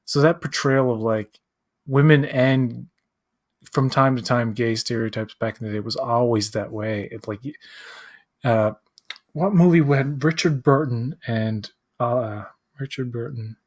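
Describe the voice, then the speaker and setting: Co-hosting a live pop-culture chat, a man speaks at a measured pace in a mid-range voice. The casual conversation rambles as he acts out quotes and searches aloud for names.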